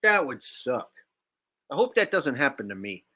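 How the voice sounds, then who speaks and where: Sarcastic rambling young man, bright voice. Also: medium pitch, sing-song, normal speed, husky. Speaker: vlogger and channel host. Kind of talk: casual political commentary vlog.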